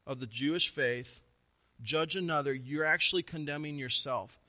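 Bright-voiced preaching man. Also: moderate pace. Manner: preaching, rising to emphatic stresses, then dropping low and quiet; repeats words when pressing a point. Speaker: pastor. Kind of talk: sermon.

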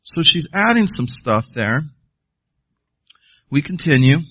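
A man's voice: fairly high pitch, sing-song, takes it slowly, sharp tone, no echo, dull audio. A man preaching a sermon as pastor, emphatic, often putting questions to the congregation.

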